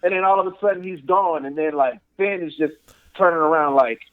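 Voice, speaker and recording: A man co-hosting a casual podcast, retelling a scene with lively acted-out voices and lots of "like" fillers. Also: fairly high pitch, a little fast, clean tone, no room sound, phone-quality sound. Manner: animated storytelling, acts out voices and crowd chants; frequent "and then all of a sudden" and "like" fillers. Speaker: podcast co-host. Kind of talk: casual chat.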